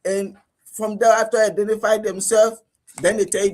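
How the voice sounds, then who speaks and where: A Liberian man giving animated talk radio commentary, acting out police stops as he argues. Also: moderate pace, a little hiss or hum. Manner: animated, rising pitch when outraged, acts out police exchanges. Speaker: radio panelist.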